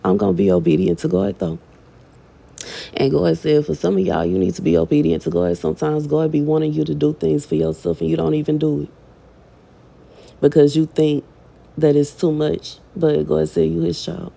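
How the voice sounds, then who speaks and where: A woman's voice: sits low, moderate pace, gravelly, warm tone, husky. A woman giving a casual prophetic message to her online audience, chatty and emphatic, with slang and scripture read aloud. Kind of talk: casual prophetic preaching to camera.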